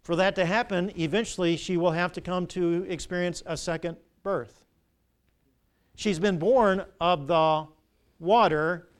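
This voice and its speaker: An older male pastor with a high voice delivers a sermon. He poses questions to the congregation and waits for the reply. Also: fairly even intonation, unhurried, clear, resonant tone. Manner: preaching with call-and-response questions to the congregation. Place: church sanctuary.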